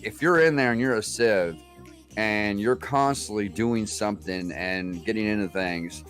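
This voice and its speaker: A man's voice: on the low side, unhurried, fairly bright tone, soft background music. A man speaking as a guest in a casual live-stream interview, hesitant and full of fillers.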